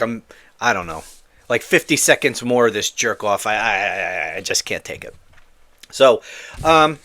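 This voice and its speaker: A man's voice: on the high side, sharp tone. A man hosting a political commentary show, ranting in a heated, exasperated and profane way.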